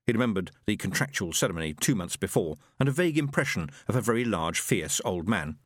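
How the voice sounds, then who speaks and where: A man narrating a science fiction audiobook in a measured storytelling manner with lively inflection. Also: fairly low pitch, no echo, studio quality.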